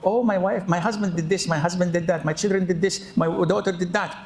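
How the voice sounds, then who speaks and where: A man's voice: high voice, fairly even intonation, a little fast, darkish tone, voice pushed up. A man mimicking a cheerful woman chattering about her husband and children in a sing-song voice. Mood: gossiping.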